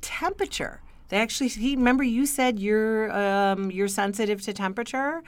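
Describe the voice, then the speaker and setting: A woman's voice: on the high side, moderate pace, no room sound. A woman co-hosting a casual podcast, summarizing a book and quizzing her co-host in a conversational way with fillers.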